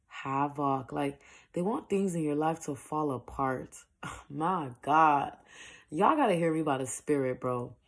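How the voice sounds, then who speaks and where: A woman in her bedroom at night, giving a soft-spoken, casual spiritual message with many filler words. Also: sits low, breathy edge. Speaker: online prayer minister.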